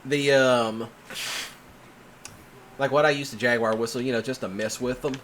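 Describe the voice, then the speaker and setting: A man hosting a casual chat, telling stories in an animated way, laughing often and swearing freely. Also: medium pitch, moderate pace, a little hiss or hum. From Mississippi. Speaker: host.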